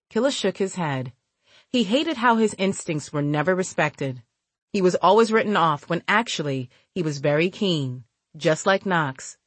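A woman narrates a novel with measured, expressive reading. Her pitch moves freely and lively across each line. The recording is dry and close, with no room sound. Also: no echo. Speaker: audiobook narrator. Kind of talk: scripted narration.

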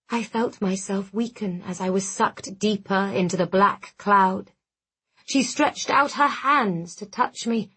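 A woman reads first-person fantasy narration in a measured, dramatic delivery. Her pace is slow and unhurried. Her voice has a soft, breathy edge, and her pitch sits in the middle. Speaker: audiobook narrator.

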